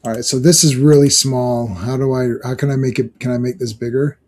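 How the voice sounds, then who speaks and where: A man's voice: mid-range voice, fairly even intonation, a little fast, a little mellow. A man hosting a casual comic book chat, rambling with frequent laughs and hummed theme tunes. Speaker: podcast host.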